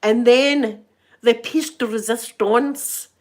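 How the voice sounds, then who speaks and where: A woman's voice: a little high, steady tone, slow. Giggly Scottish woman telling stories. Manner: chatty, giggly, self-mocking, broad local slang. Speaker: ASMR channel host. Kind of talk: casual storytelling chat.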